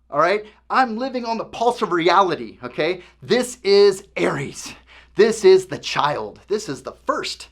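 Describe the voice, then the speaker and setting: A man's voice: high-pitched, big pitch swings, measured pace, creaky, fairly bright tone. Chatty man explaining, checking in often. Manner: conversational, keeps checking in with "okay?". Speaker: host. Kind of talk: casual explanatory talk.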